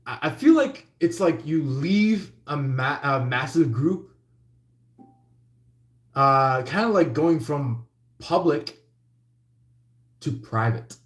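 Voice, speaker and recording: A man's voice: a little high, animated, takes it slowly, pauses often, roomy sound, soft background music. A man doing a casual tarot reading who rambles with lots of fillers and acts out little quotes. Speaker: tarot reader.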